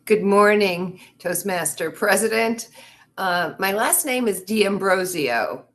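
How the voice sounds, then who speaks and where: A woman's voice: mid-range voice, expressive, slow pace. A woman visiting a club meeting as a former member, introducing herself in a friendly, chatty way. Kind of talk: casual self-introduction.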